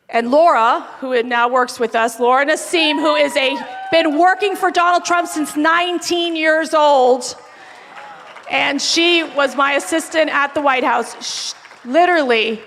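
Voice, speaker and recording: Speaking at a political event, a woman with a high-sitting voice tells lively anecdotes to a crowd, animated and emphatic and building to rousing calls. The reverberant hall echoes around her storytelling speech.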